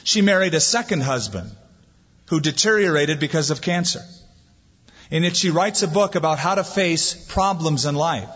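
A man's voice: fairly high pitch, lively intonation, moderate pace, fairly bright tone, slightly rough. A man preaching a sermon as pastor, building emphasis and reading scripture aloud. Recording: dull lo-fi sound with long hall reverb.

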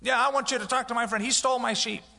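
A man voicing petty, nagging complainers from an ancient camp in a whiny, high complaining tone. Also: fairly even intonation, fast, creaky, bright, forceful tone, slight background noise, heavily acted. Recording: church hall reverb.

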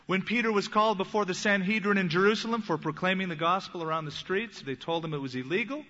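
A man preaching a teaching sermon in an earnest tone, slowing down for scripture quotes. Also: sits high, pushed and bright, long reverb tail, highs cut off. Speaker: pastor.

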